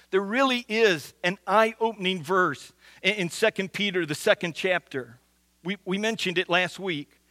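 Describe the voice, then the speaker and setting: A man preaching a sermon as pastor, earnest, slowing down to stress key lines and often restarting words. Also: high-pitched, bright, forceful tone, no echo. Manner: earnest, with frequent restarts and slow emphatic repetition.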